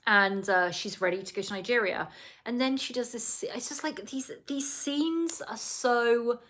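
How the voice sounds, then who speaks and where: A woman's voice: mid-range voice, fairly bright tone. A woman hosting a casual solo podcast, recapping a reality show in a chatty, rambling way full of asides and apologies.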